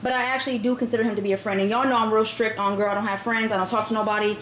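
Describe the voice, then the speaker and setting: A woman's voice: on the high side, little pitch movement, rapid-fire, a bit bright. A young woman vlogging in a chatty, exclaiming way, talking to her viewers as y'all. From Michigan, USA. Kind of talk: casual chat vlog. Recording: echoey room with faint background noise.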